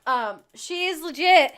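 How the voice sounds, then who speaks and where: A young woman streams and chats with her viewers in a slow, unhurried way, laughing often and poking fun at herself. She sounds out of breath. Her voice is bright and sits a little high. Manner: laughs often, chatty and self-mocking. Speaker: music streamer. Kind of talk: casual livestream chat with viewers.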